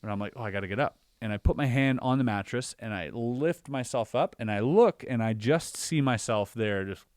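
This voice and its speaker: A man telling a personal story in a relaxed podcast chat. He stays animated and acts out his own reactions, with plenty of filler words. His voice sits in a middle pitch and is recorded dry, with no room sound. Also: fairly quick, few pauses, dry recording. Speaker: podcast guest or co-host. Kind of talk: casual storytelling conversation.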